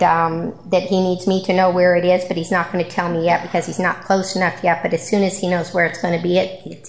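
A woman's voice: lowish voice, reverberant, slight background noise. A middle-aged woman giving a personal recovery share at a support group meeting, candid and conversational, with frequent ums and repeated phrases. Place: meeting room.

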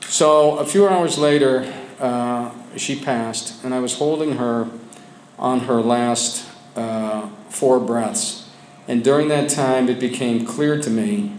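A man sharing his personal story with a support group, speaking candidly and haltingly with frequent restarts, sometimes dropping low and quiet. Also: slight background noise. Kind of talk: personal testimony. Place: meeting room with a group of men. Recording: echoey room with faint ambience.

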